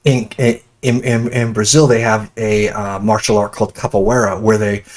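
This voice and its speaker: American male reaction host, deep-ish voice, loose and rambling, opinionated delivery. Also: level tone, moderate pace. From United States. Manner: rambling, many restarts and fillers, opinionated. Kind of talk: casual reaction commentary.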